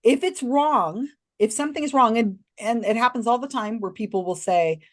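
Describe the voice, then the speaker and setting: Animated woman telling a story. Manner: expressive, swings pitch widely when recounting others; talks in quick restarts and asides. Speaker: podcast guest. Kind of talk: animated storytelling in a casual interview.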